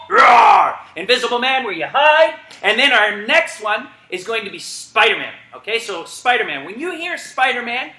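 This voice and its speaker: A gymnastics coach leads an upbeat virtual home workout class, calling out commands and making sound effects in an empty gym. His voice sits high and sounds bright and forceful.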